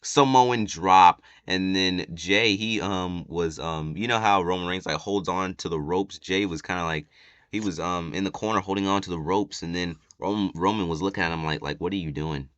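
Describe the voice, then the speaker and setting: A man giving a casual, chatty wrestling recap with lots of fillers, sometimes acting out quotes loudly. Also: low voice, normal speed, clean tone, no echo, muffled recording.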